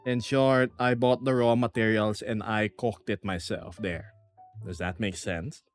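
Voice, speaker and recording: A young man streaming from his small apartment, chatting casually with viewers and reading their comments aloud in a lively, self-deprecating way. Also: lowish voice, unhurried, faint music behind. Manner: animated, self-deprecating, reads chat aloud. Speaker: VTuber streamer. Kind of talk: casual livestream chat.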